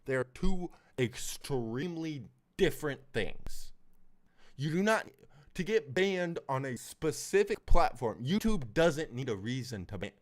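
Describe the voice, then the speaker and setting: A man streams a live reaction, angrily breaking down a clip and swearing constantly as he rants over it. His voice is fairly high, with big swings in pitch, and he doesn't hurry.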